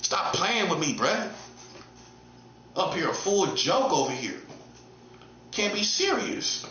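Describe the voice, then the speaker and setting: A man in his late forties taunts his listeners with repeated rhetorical questions, his voice bright and pushed. It swings between high teasing and low, menacing mutters. The sound is roomy and echoey, a little dull and lo-fi. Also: big pitch swings, slow, slight background noise. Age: 40s. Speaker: self-styled prophet streamer. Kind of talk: taunting monologue.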